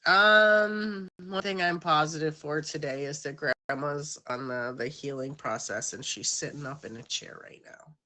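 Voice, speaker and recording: A woman with a bright, clear, forward tone hosts a casual livestream. She rambles in a chatty, self-conscious way and speaks directly to her viewers. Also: sits low, unhurried, few pauses. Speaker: livestream host.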